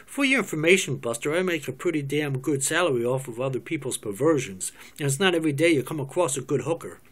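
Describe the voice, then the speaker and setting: A man's voice: fairly high pitch, animated, fast. Guy reading a brash cussing woman, fired up and defensive, cold read of a play. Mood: indignant. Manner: indignant, cursing rant. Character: brash defensive woman who runs a call business. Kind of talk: cold reading of a stage script.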